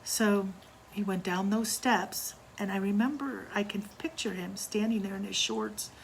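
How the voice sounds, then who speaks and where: An older woman telling a personal ghost story from her childhood, in a hushed, slow way that sometimes drops to near whispers. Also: mid-range voice, vocal fry, slight background noise, rough recording.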